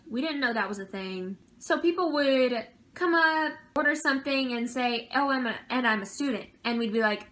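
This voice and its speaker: A young woman with a bright, forceful voice tells a story to her camera. She sits a little higher in pitch than most women and keeps it lively, with indignant edges. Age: young adult. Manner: animated storytelling with indignant outbursts. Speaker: vlogger. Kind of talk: casual storytime vlog.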